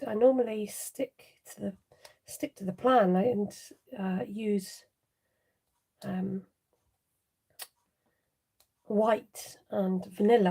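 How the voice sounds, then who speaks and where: This woman's mid-range voice is gravelly, mellow, and slightly rough. Hosting a live papercraft tutorial, she keeps things chatty, laughing often, murmuring asides as she works, and reading viewers' comments back to them.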